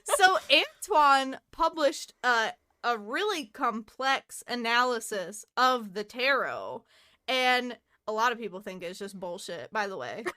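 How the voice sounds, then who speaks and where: A woman's voice: a little high, sing-song, measured pace, bright, forceful tone, dry recording. A young woman co-hosting a podcast, chatting casually, laughing often and swearing freely. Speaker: podcast co-host. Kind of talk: casual chat.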